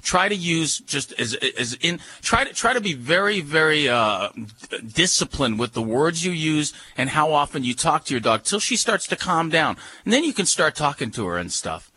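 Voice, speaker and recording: A man's voice: on the high side, very animated, normal speed, bright, forceful tone, slightly rough. A man giving dog training advice on a radio call-in show, folksy and repetitive as he coaches.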